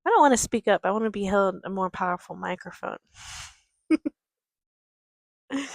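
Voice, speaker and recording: A woman life coach giving a reflective motivational talk in a gentle, calm, quiet and patient way. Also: mid-range voice, gravelly, dry recording. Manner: unhurried, patient delivery. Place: outdoors near a creek.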